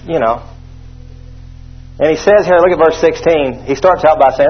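A man's voice: a little high, normal speed, husky, soft background music. Emphatic male preacher, lo-fi sound. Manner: emphatic preaching with call-and-response; sprinkles hallelujahs and amens. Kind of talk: sermon.

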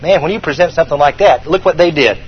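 High-voiced, husky preacher, lo-fi sound. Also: male voice, fast talker. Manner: emphatic preaching, repeats key points for note-taking. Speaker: pastor. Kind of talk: sermon.

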